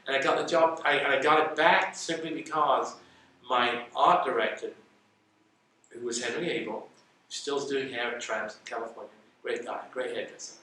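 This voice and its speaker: Recorded from a distance in an echoey room with faint noise, a man guesting in a casual interview tells stories animatedly, performing the quoted dialogue. He speaks at medium pitch and normal speed.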